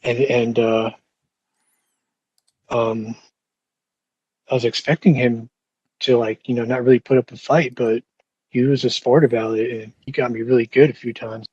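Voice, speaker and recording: A man's voice: mid-range voice, flat delivery, normal speed, long pauses, a little mellow, slightly rough, dry recording, muffled recording. A young man telling a rambling, profane story with lots of fillers and restarts in casual podcast talk. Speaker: podcast host.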